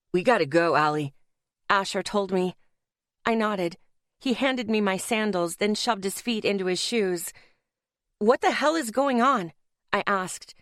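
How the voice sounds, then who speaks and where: Casting: woman, mid-pitched, first-person audiobook narrator, tense dramatic read, dry close sound. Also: dry recording.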